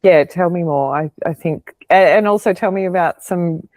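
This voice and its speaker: A woman hosting an interview, encouraging her guest with warm prompts to keep talking. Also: fairly low pitch, normal speed, dry recording. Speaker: podcast host.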